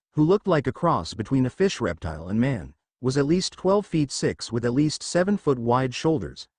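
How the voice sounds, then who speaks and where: Man narrating a fan story, lively pitch. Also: no echo. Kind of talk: fan fiction reading.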